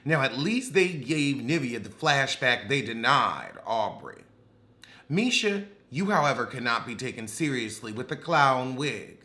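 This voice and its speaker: A man's voice: medium pitch, big pitch swings, a little slow, bright, forceful tone. A man recapping a reality show with sassy, dramatic, cutting humor.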